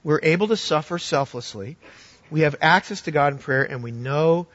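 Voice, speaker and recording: A man preaching a sermon as pastor, telling a story earnestly and swinging from loud to hushed. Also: on the high side, lively intonation, moderate pace, no room sound, lo-fi sound.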